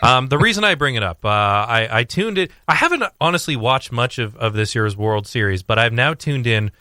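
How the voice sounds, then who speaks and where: A young man talking sports on a radio show, rambling with fillers and restarts as he tells a story with growing excitement. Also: medium pitch, moderate pace, smooth, no echo, clean studio sound. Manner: animated storytelling. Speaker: sports commentator guest. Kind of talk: casual radio sports chat.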